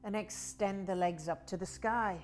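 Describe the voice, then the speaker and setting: A woman teaching a guided yoga class, talking in a slow, soothing, drawn-out way. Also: medium pitch, darkish tone, faint music behind. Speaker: yoga instructor.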